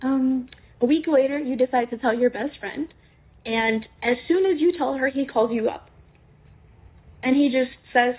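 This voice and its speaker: A woman's voice: high voice, unhurried, breathy edge. A young woman casually telling a story in the second person, acting out bits of dialogue. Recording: tinny phone-like sound.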